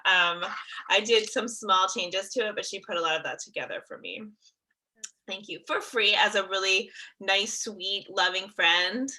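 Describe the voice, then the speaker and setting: A woman's voice: mid-range voice, measured pace, sharp tone, poor audio. A young adult woman hosting a live interview, chatting casually with frequent laughter. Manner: chatty, laughs often, upbeat. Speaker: host.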